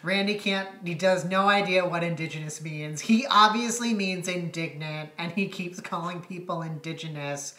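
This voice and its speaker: Blunt female co-host, low bright voice, casual swearing. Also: moderate pace, few pauses. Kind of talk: casual chat. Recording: echoey room.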